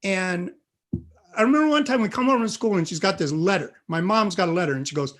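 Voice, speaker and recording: A middle-aged man telling a funny family story on stage, animated and acting out the voices. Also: sits high, fast talker. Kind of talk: live comic storytelling.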